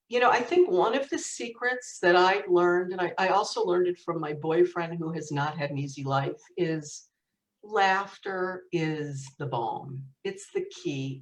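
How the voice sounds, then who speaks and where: Lively woman telling stories, roomy sound. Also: fairly low pitch. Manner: lively anecdotal storyteller, laughs often. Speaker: author and guest. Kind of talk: storytelling in conversation. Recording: roomy echo, distant mic.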